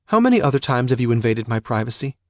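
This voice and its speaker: A man voicing a sharp, indignant young woman confronting her father. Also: mid-range voice, big pitch swings, fast talker, dry recording, voice pushed up, lightly acted. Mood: angry. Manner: indignant, accusing.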